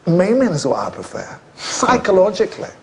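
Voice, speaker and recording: An actor playing a foul-mouthed, combative political spin doctor in a film, firing off sarcastic put-downs. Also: male voice, sits high, huge pitch swings, a little fast, a little hiss or hum, heavily acted. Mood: sneering. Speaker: film character in a clip.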